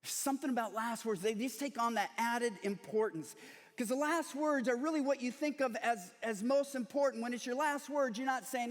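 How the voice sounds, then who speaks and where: A man's voice: very high voice, moderate pace, big-room sound. A male pastor preaching a sermon, telling anecdotes with touches of humor in a storytelling manner. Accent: Texan. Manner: storytelling with humor and quoted last words. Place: large church sanctuary.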